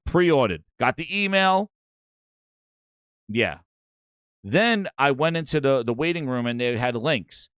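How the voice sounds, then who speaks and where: Excitable man with a New York accent. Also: medium pitch, smooth, no room sound, studio quality. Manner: excitable, hypes and thanks viewers, rambling storytelling. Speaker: gaming show host. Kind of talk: casual livestream chat.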